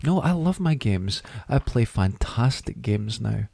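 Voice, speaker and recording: A man's voice: fairly low pitch, expressive, unhurried, vocal fry, warm tone, no echo. A middle-aged Scottish man, co-hosting a podcast, telling stories and swearing in casual banter. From Scotland. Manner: chatty, storytelling, swearing. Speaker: podcast co-host.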